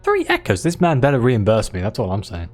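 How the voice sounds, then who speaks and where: A man narrating an interactive fiction game aloud and dropping in wry, chatty asides. His delivery is lively and full of pitch movement. Soft music plays quietly underneath. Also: fast talker. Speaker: let's play host.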